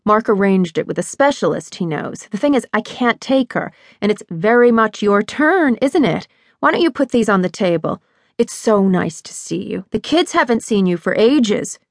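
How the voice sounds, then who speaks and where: A woman narrator voicing a capable, busy mother who talks briskly and cheerfully to her sister, in a storybook reading. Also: mid-range voice, lively intonation, no room sound, studio quality, natural voice.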